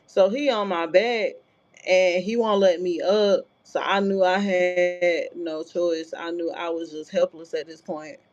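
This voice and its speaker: A woman's voice: fairly low pitch, steady tone, a little slow, a little mellow. A woman vlogger telling a personal story in a casual, blunt, profane way, with frequent filler asides. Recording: dull lo-fi sound.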